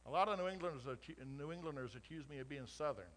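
Middle-aged male preacher, faint Oklahoma twang, bright tone, chatty sermon that builds to loud punchlines. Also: on the high side, racing. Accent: slight Oklahoma twang. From Colorado. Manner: conversational preaching with rising emphatic peaks. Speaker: pastor.

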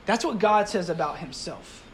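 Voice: medium pitch, animated, normal speed, slight background noise. A pastor giving a sermon to a congregation in a conversational way, asking the audience rhetorical questions and mixing in light humor.

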